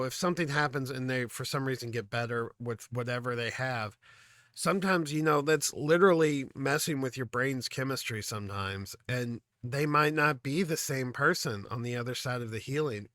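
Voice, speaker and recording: A man hosting a music reaction video, talking in an earnest, halting, reflective way, full of fillers and clearly emotional. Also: medium pitch, fairly bright tone, no echo, clean studio sound. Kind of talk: casual reaction commentary.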